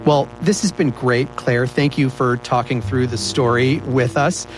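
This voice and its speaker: Quick-talking male podcast host. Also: medium pitch, music in the background, low-quality recording. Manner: quick, conversational questioning. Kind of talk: casual interview conversation.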